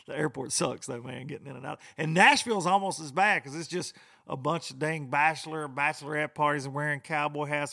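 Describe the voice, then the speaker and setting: A man's voice: medium pitch, gravelly, bright, forceful tone. A middle-aged man, rambling and grumbling in a casual, folksy podcast monologue. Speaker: podcast host.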